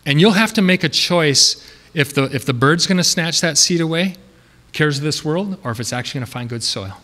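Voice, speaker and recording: A man's voice: fairly high pitch, animated, fairly quick, pushed and bright. A man preaching a sermon as pastor, earnest and repetitive, often restating his point. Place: church sanctuary. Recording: long church hall reverb.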